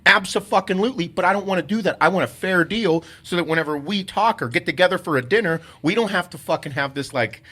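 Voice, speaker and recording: A man's voice: sits high, fast talker, few pauses, sharp tone. A man hosting a podcast, telling stories in an intense, profane, casual way. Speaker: podcast host.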